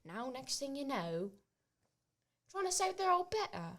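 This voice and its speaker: A woman acting out a prim, indignant British lady with a put-on British English accent who keeps chiming in. Her voice is high, bright, and swings widely in pitch. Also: very animated, measured pace, heavily acted. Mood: mock-indignant. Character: prim mock-British woman named Kate. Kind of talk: comedy sketch.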